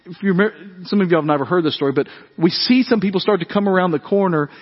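A man preaching a sermon, telling animated family stories in a conversational way and acting out the voices. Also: high voice, rapid-fire, slightly rough, long reverb tail, muffled recording. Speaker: pastor. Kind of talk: sermon storytelling.

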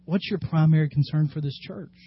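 A man preaching a sermon as pastor, animated when acting out scripture and dropping low and quiet for serious points. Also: brisk, husky, muffled recording. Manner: animated, acts out scripture quotes with rising emphasis.

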